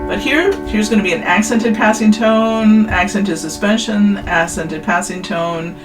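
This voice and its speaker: A woman's voice: mid-range voice, unhurried, low-quality recording. A woman giving a casual, recorded music theory lecture, chatting through examples with offhand, self-deprecating asides.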